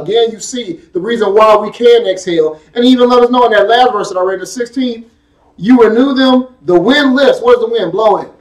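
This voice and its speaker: A man's voice: high-pitched, brisk. A man preaching a sermon and reading scripture, emphatic and conversational, drawing call-and-response from his congregation. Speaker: pastor. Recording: echoey room, speaker far from the mic.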